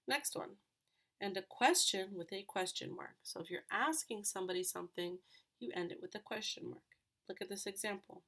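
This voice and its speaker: A woman teacher records a lesson for third graders. She talks patiently and explains each step, asking the class questions along the way. Her voice sits at an ordinary middle pitch. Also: a little fast, fairly bright tone.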